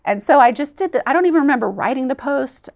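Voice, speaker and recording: A woman's voice: high voice, lively intonation, quick pace, gravelly. A woman guest in an interview, telling a personal story in an earnest, emotional way that halts at times.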